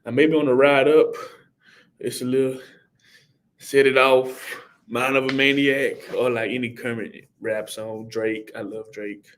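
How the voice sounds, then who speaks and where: A young college football player hosts a casual livestream, reading viewer comments and answering people by name. His mid-range voice is steady and unhurried.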